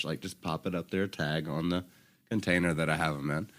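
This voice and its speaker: Young male podcast co-host, low and forceful delivery, loose anecdotal storyteller. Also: fairly even intonation, a little fast. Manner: rambling anecdotes with frequent laughs. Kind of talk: casual chat, storytelling.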